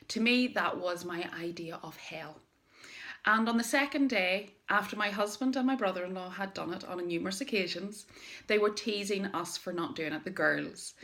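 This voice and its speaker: Lively woman telling a motivational story. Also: medium pitch. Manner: lively, emphatic storytelling with dramatic pauses. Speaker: direct-sales business owner. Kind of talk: motivational personal story to camera.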